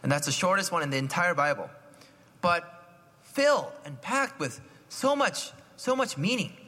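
A man giving a conversational homily, often asking his listeners questions and clearing his throat. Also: high voice, lively intonation, moderate pace, bright, forceful tone. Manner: chatty, asks the listeners questions, frequent "right?". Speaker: preacher. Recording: long hall reverb.

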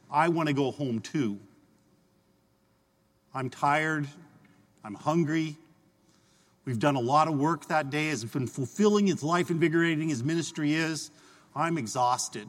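A high-pitched man gives a sermon as a priest in a church, his voice ringing with a long reverb. He preaches conversationally, telling a story and speaking people's imagined thoughts aloud. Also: fairly bright tone.

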